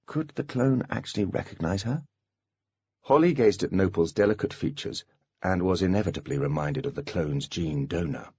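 A man reading an audiobook in an expressive storytelling manner. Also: low voice, normal speed, slightly rough, no echo. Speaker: audiobook narrator. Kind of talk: scripted audiobook narration. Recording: dull, dry lo-fi recording.

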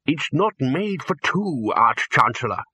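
A man's voice: mid-range voice, big pitch swings, a little slow, bright, forceful tone, husky, no room sound, clean studio sound, full character voice. A man voicing a nervous, fussy old wizard bursar who grumbles and corrects people timidly.

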